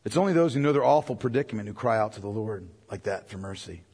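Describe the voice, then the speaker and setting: A male pastor preaching a sermon with passion, going from loud cries to hushed tones. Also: fairly low pitch, expressive, quick pace, slightly rough. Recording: long reverb of a large hall.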